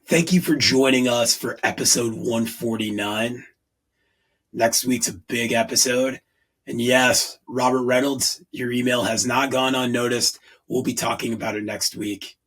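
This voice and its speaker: A man's voice: mid-range voice, fairly even intonation, unhurried, a bit bright, breathy edge, poor audio. A man in his forties hosting a podcast, talking in an earnest, rambling way. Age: 40s. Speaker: podcast host. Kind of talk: casual podcast monologue.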